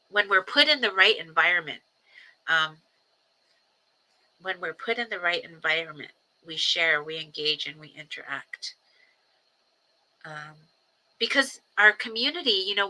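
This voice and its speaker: Grandmotherly woman with a bright voice. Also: mid-range voice, poor audio. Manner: reflective, repetitive, many ums and pauses. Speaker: livestream host. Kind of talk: personal livestream talk. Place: home livestream.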